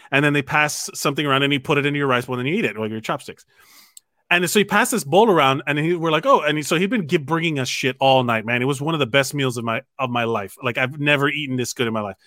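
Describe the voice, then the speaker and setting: A man's voice: on the high side, a bit bright, no echo, studio quality. A man chatting casually as a podcast co-host, telling a story with many restarts and self-corrections. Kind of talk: casual chat.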